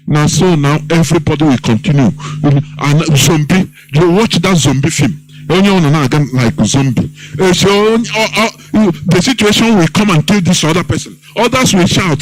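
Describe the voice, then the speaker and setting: A Nigerian man hosts a political radio talk in a somewhat high, very animated voice. He speaks with open scorn and mocks the people he describes. Faint music plays behind him. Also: moderate pace, rough recording. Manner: mocking, scornful, mimics others in exaggerated voices. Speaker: host.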